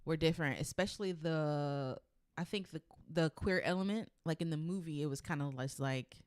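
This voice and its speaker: A woman co-hosts a casual horror news podcast, hedging her points with frequent fillers. Her voice sits at an ordinary pitch and is recorded dry and close. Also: normal speed, a little mellow, dry recording. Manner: hesitant, hedging with "like" and "um". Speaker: podcast co-host.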